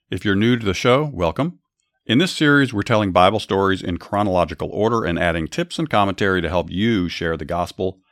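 Low-voiced guy reading bible stories on his podcast, earnest and steady, dry close sound. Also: no echo. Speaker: podcast host and Bible storyteller. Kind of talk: scripted Bible story narration with commentary.

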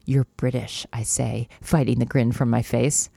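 A woman's voice: steady tone, moderate pace, vocal fry, warm tone, dry recording. A woman co-hosting a podcast, reading a romance novel aloud in a mock-dramatic voice between giggles and chat. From United States. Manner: giggly, reads in a low mock-dramatic voice and attempts a bad British accent.

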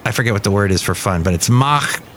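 A man's voice: lowish voice, lively intonation, quick pace, a bit bright, slight background noise. A man hosting a casual podcast, chatting in a rambling, wry way. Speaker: podcast host. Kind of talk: casual solo podcast chat. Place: café.

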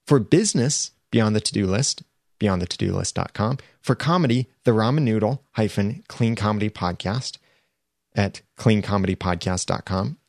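A man's voice: on the low side, moderate pace, gravelly, darkish tone, no room sound, studio quality. A man hosting his own podcast, talking straight to listeners in an earnest, upbeat way as he gives tips and calls for feedback. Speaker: podcast host. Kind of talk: solo podcast monologue giving tips.

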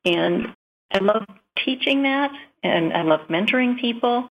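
A woman's voice: a little high, lively intonation, a little slow, dull audio. A woman in her fifties from South Dakota, a guest speaking in a friendly, earnest way in a radio interview.

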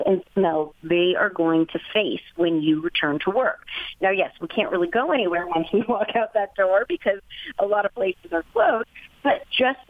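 A woman giving casual, encouraging advice on pets, chatty and lively, sometimes acting out a gushing pet owner. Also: mid-range voice, no echo. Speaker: pet expert guest. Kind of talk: casual advice on a phone interview. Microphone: telephone. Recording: dry, tinny phone line.

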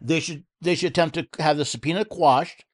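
A man's voice: on the high side, normal speed. Angry male political commentator. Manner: angry, heated, repeats and restarts often. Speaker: host.

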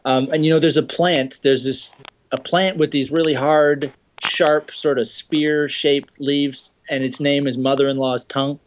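A man on a podcast answering slowly and thoughtfully, hesitant with many fillers. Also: fairly high pitch, steady tone, slight background noise. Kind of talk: casual podcast talk.

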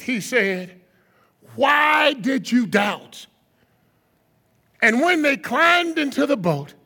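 A man with a strikingly high, bright, forceful voice preaches from the pulpit, lively and theatrical. Gravel creeps into his tone, and his words ring out in a large hall with long reverb. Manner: animated preaching, acts out voices of disciples with sudden high shouts. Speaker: guest speaker. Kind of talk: sermon.

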